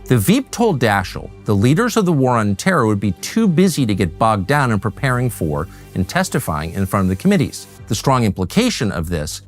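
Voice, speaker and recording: A man giving scripted documentary narration in a measured, pointed delivery. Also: fairly low pitch, big pitch swings, soft background music.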